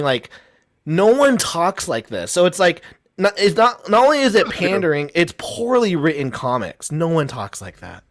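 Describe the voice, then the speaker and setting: Rambling, animated man arguing. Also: a little high, moderate pace. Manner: rambling, many restarts, animated. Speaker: guest. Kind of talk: heated casual debate.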